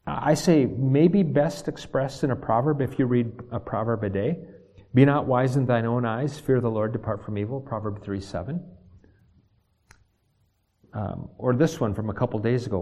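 A man's voice: medium pitch, warm tone. A man preaching a sermon as pastor, often stumbling and repeating words as he reads scripture aloud.

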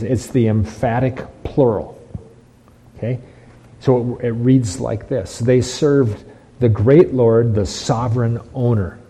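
A man's voice: mid-range voice, warm tone, husky, poor audio. A man preaching a sermon as pastor, emphatic, repeating phrases and restarting lines.

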